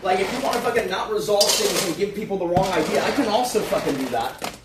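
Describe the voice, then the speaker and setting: A man's voice: high-pitched, quick pace. A man arguing heatedly and profanely with his wife at home, in a confrontational, ranting manner. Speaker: streamer's husband. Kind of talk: heated argument on a livestream. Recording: roomy, distant mic with loud background noise and dogs.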